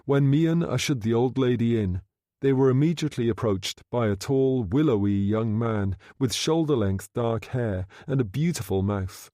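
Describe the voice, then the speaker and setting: This is audiobook narration by a man of medium pitch, delivered in an even, deliberate reading. The sound is studio grade and free of echo.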